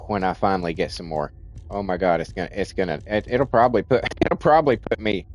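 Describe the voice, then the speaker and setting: A man's voice: sits low, fairly quick, a little mellow. Frustrated man ranting on a livestream. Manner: frustrated venting, repetitive restarts, swearing. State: in nicotine withdrawal. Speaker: livestream gamer. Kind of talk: rambling livestream rant.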